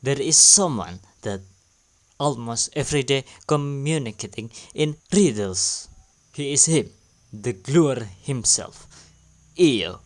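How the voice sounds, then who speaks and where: A man's voice: medium pitch, lively intonation, slow pace. Man narrating a recap. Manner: plain, slightly broken English delivery. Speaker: video narrator.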